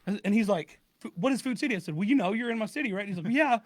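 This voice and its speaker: Fast, high-voiced man telling a story. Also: no room sound, studio quality. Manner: animated, acts out both sides of phone calls. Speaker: podcast co-host. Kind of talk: casual storytelling with friends.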